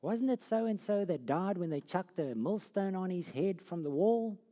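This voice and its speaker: A man acting out an angry, scolding king who flares up at a messenger, his voice pushed high above his own. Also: lively intonation, a little slow, dark tone. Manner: indignant, scolding. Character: angry middle-aged king, flaring up. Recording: long hall reverb.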